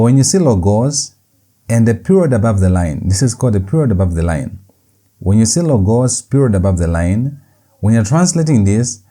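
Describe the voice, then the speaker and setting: A man teaching a recorded Greek lecture, repeating key points slowly and deliberately. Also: on the low side, dark tone.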